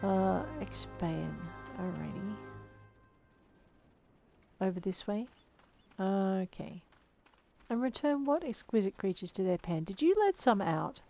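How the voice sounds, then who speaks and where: A woman's voice: mid-range voice, animated, slow, creaky, pauses often, mellow, dull audio, soft background music. A woman chatting playfully through her video game, talking to the creatures she meets. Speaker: game player. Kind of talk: let's play commentary.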